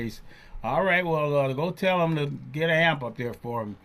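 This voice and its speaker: This older podcast host and drummer speaks on the high side at a moderate pace. In a storytelling interview chat, he brings his anecdotes to life by acting out quoted voices.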